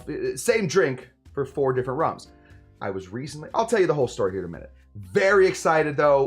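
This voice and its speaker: A man in his forties, a bartender hosting a casual livestream, chatting with viewers in a lively way and stumbling over a tricky word. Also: mid-range voice. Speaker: host and bartender. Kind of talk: casual livestream chat reading viewer comments.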